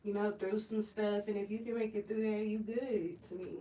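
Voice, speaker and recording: A woman's voice: mid-range voice, little pitch movement, normal speed, dark tone. A woman guest speaking candidly and casually, filling her talk with "you know". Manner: candid, frank, many "you know" fillers. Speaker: podcast guest. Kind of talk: casual chat. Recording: roomy, distant mic with faint hiss.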